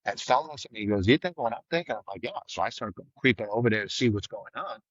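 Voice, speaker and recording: A middle-aged man, a retired trooper, telling a story in a blunt, vivid way, loudly acting out the lines of the people he quotes. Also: medium pitch, expressive, fast, no room sound, dull audio. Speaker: retired state trooper guest. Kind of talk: casual storytelling in a podcast interview.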